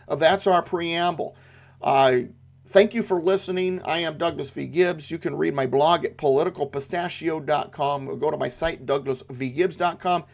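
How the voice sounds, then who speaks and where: Earnest middle-aged man teaching, pitched a bit high. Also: moderate pace, creaky. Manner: earnest, repeats key words for emphasis, some fillers. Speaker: constitution teacher. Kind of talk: explanatory lesson to camera.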